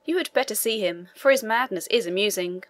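A man's voice: sits high, brisk, a bit bright, no room sound. A woman reading the part of an obliging man, a prison governor, who explains matters deferentially, in an audiobook.

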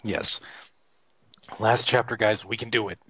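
A man's voice: fairly low pitch, steady tone, a little slow, bright, forceful tone, slightly rough. A man chatting casually while reading a story with friends, making dry corrections.

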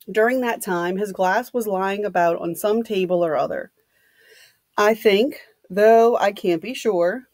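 A woman's voice: mid-range voice, a little mellow, dry recording, close to an everyday voice. A woman reading the lines of a cool, dry-spoken man in a matter-of-fact way.

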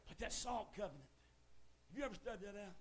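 A middle-aged man preaching a revival sermon in a church, moving from relaxed storytelling to shouted, fervent calls. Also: high voice, fast, slight background noise. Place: church sanctuary.

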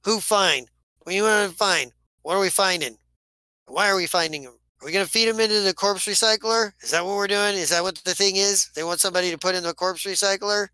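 A man's voice: high-pitched, smooth, dry recording, pitched above the performer's own voice, poor audio. Man doing a cranky kobold captain. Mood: impatient. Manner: irritable, shouty, rapid questions.

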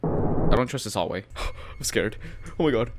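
A man's voice: fairly low pitch, animated, moderate pace, music in the background. A man doing let's play commentary on a horror game, jumpy and easily spooked, swearing as he goes. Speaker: gaming YouTuber.

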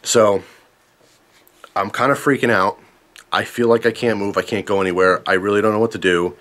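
A man's voice: lowish voice, steady tone, moderate pace, a bit bright. A man casually telling a story to camera, earnest and emphatic, repeating himself when tense.

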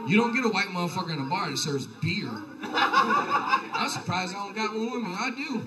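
A young male comedian with a high voice works a bar room in a loose, rambling, profane stand-up set. The audience laughs loudly behind him throughout the live recording. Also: big pitch swings, normal speed, recorded from a distance, over a noisy crowd, poor audio.

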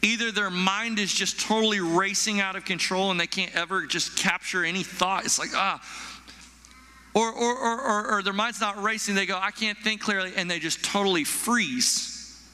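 Animated high-voiced male pastor preaching. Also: normal speed, clear, resonant tone. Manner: animated, acts out frightened people with stammers and sighs. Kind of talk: sermon. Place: church hall. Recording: long echo of a large hall.

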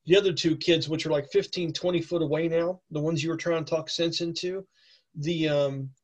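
A man running a tabletop game as its narrator. He describes the scene casually, halting and restarting with plenty of fillers. His voice sits a touch higher than most men's. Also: steady tone. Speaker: game master.

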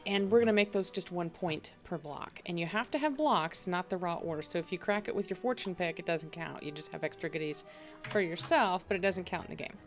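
A woman's voice: fairly low pitch, brisk, soft background music. A woman hosting a multiplayer game session over voice chat, explaining the rules at length with fillers. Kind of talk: casual gaming chat over voice call.

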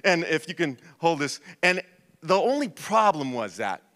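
A man in his thirties preaching a passionate sermon, shifting between urgent preaching and quiet storytelling. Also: a little high, big pitch swings, normal speed. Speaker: pastor. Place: church hall. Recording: long church reverb.

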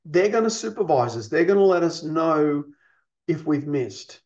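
A man's voice: a little high, lively intonation, normal speed, darkish tone, highs cut off. A man teaching a counselling lesson in an explanatory way, often checking in with his listeners. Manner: explanatory, checks in with "you see?" and "okay?". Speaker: counselling instructor.

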